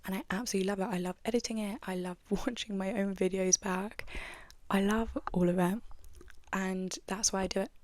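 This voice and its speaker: A woman's voice: mid-range voice, fairly even intonation, a little fast, darkish tone, dry recording. A young woman hosting a podcast, chatting in a rambling, casual way with lots of likes and you-knows. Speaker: podcast host. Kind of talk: casual chat.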